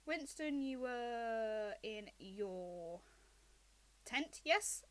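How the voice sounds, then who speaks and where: A woman running a tabletop game as game master, recapping the story in a relaxed, chatty way. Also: fairly high pitch, drawn-out words.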